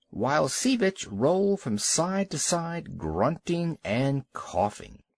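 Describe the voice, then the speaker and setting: Male audiobook narrator, lively expressive reading, dry close studio sound. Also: on the high side, takes it slowly, creaky, few pauses, no room sound. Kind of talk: scripted storybook narration.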